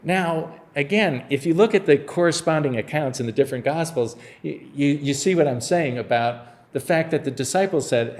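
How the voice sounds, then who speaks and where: Conversational preacher, man with higher voice. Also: normal speed, few pauses. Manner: conversational, acts out Bible scenes with humor. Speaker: pastor. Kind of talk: sermon.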